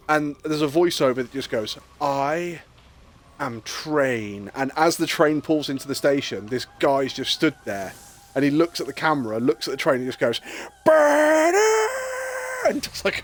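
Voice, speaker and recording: A man hosting a live stream, chatting casually, telling rambling stories and swearing freely. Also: medium pitch. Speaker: streamer host. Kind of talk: casual chat.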